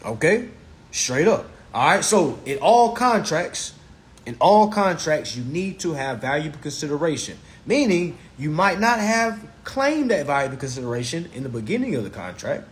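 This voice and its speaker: A man's voice: on the high side, very animated, normal speed. A man lecturing on a live stream, blunt and profane, who repeats his phrases for emphasis.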